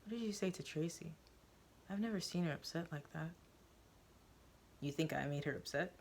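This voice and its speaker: A woman voicing a quiet, detached girl patient who answers flatly and evasively. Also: deep voice, moderate pace, vocal fry, slight background noise. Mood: cryptic. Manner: flat, hushed and evasive.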